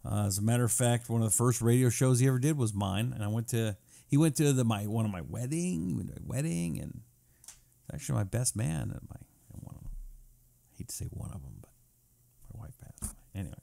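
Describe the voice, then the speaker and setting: A man's voice: mid-range voice, lively intonation, quick pace, vocal fry, mellow, slight background noise. A middle-aged man hosting a talk radio show, reading listener messages and giving emphatic, repetitive commentary. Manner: emphatic, repetitive, sometimes drawn out.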